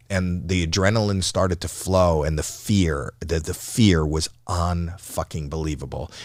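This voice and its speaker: A comedian in his sixties, guesting on a podcast interview, tells candid, profane stories in a low voice, recorded dry with studio quality. He's animated, acting out his younger self's stage panic in a raised voice, and repeats and restarts mid-sentence.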